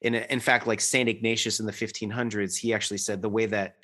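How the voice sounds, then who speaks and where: A man's voice: on the low side, level tone, fast, bright, forceful tone. A man in his thirties talking in an earnest, rambling way, full of restarts and fillers, as a guest in a reflective conversation.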